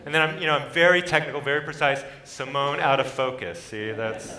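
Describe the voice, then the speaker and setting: A man's voice: mid-range voice, fairly even intonation, a little fast, sharp tone. A middle-aged man, a photographer, telling loose, casual stories in an artist talk on a stage, swearing and acting out quotes. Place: theater stage.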